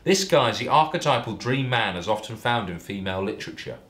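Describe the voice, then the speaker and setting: A man voicing a prim, flustered lonely woman in a high falsetto. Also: expressive, a little fast, fairly bright tone.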